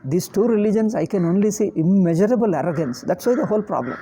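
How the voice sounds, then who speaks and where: A man's voice: high voice, lively intonation, quick pace, mellow, a little hiss or hum. A man giving a scripture lecture as a spiritual teacher, emphatic and full of rhetorical questions, scornful toward critics.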